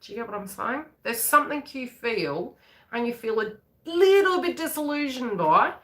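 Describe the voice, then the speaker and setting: A woman's voice: fairly high pitch, big pitch swings, normal speed, fairly bright tone. A woman psychic reader on a live stream, chatting in a rambling way and acting out the voices she quotes.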